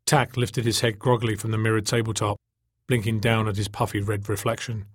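A man reading a novel aloud in steady, measured narration. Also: lowish voice, slightly rough, no room sound, clean studio sound. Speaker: audiobook narrator. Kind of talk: scripted narration.

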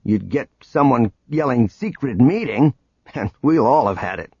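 A man voicing a gruff, skeptical male pilot who growls his words. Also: mid-range voice, expressive, measured pace, darkish tone, dry recording, highs cut off.

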